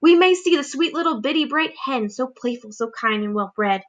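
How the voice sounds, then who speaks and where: A cheeky, grinning centipede who shouts his rhymes with glee, as a woman reads him aloud. His storybook voice is high and bouncy, loud and sing-song, full of boastful excitement. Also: normal speed, lo-fi sound. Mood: excited boastful.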